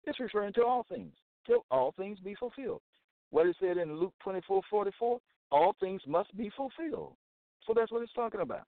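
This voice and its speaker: Self-styled male preacher, measured scripture reader, thin phone-quality sound, dry. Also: high-pitched, expressive, dry recording. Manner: deliberate, quotes verses, checks in with "okay?". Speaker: self-styled religious teacher. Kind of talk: scripture-reading monologue. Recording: tinny phone-like dry recording.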